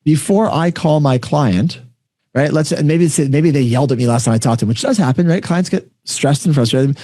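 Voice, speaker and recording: Fast-talking man hosting a podcast. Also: on the high side, dark tone, no echo. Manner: brisk, explanatory, frequent "right?" check-ins. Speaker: podcast host. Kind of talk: conversational interview.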